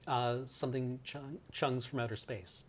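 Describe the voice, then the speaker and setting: A man's voice: mid-range voice, fairly even intonation, unhurried, husky. A man on a hobby stream telling a rambling anecdote and searching for words as he goes. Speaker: stream co-host. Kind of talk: casual anecdote.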